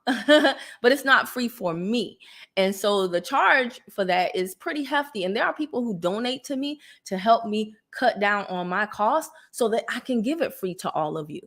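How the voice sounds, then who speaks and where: A woman hosting a casual livestream, chatty and laughing often as she greets viewers. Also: medium pitch. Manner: chatty, gives shout-outs, laughs often. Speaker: livestream host.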